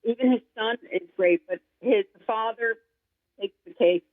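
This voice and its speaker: Speaking at a measured pace in a fairly high voice, this female singer-songwriter rambles with eager excitement while chatting as an interview guest. Her audio is dry, close, and thin, like a phone line with no surrounding space.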